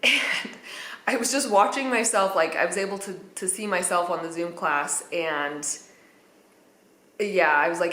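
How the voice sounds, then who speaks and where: A woman's voice: lowish voice, measured pace, pushed and bright. A woman vlogging a candid personal account in a chatty way, with fillers and nervous little laughs. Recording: echoey room.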